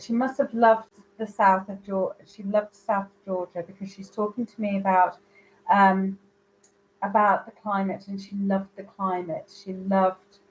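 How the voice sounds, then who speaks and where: A woman's voice: mid-range voice, darkish tone, highs cut off, a little hiss or hum. A woman, a psychic medium giving a live reading and relaying messages directly to viewers by name.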